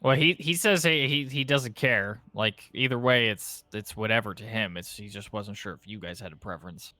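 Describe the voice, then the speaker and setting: A man's voice: fairly low pitch, moderate pace, bright, forceful tone, dry recording. A man running a tabletop game as game master, explaining options with many ums and restarts. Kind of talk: running a tabletop game over a live stream.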